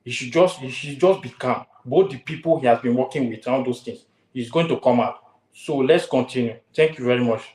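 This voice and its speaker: A man's voice: medium pitch, a little fast, darkish tone, echoey room, low-quality recording. A man hosting a heated talk show, repeating his warnings with force.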